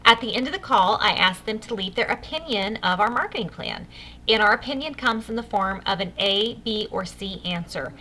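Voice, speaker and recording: A woman's voice: medium pitch, animated, moderate pace, sharp tone, a little hiss or hum. A woman leading a sales training session for new consultants, upbeat and coaching, speaking straight to her listeners. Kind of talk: enthusiastic sales training talk.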